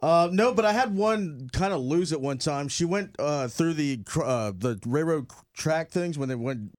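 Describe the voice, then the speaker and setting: A man's voice: fairly high pitch, expressive, normal speed. A man co-hosting a casual chat, telling a story hesitantly. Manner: hesitant, searching for words. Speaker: podcast co-host.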